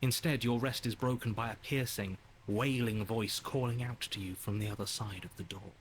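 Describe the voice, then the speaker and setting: An actor voicing a calm male narrator in a video game, speaking in measured second-person narration. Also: lowish voice, a little hiss or hum, lightly acted.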